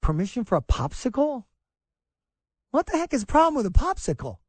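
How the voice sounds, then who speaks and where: A man hosting a talk radio show, delivering a sarcastic monologue and acting out shrill scolding voices. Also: huge pitch swings, fairly quick, slightly rough, no room sound.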